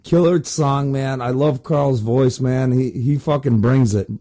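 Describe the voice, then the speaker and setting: Easygoing metal radio host, unhurried, warm dark tone, slangy. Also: male voice, mid-range voice. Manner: laid-back, enthusiastic, slangy. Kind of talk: casual radio interview.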